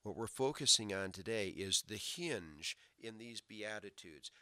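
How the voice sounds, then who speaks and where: A man preaching a sermon, swinging from loud emphatic lines to low quiet asides. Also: animated, unhurried, dry recording, clean studio sound. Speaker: pastor.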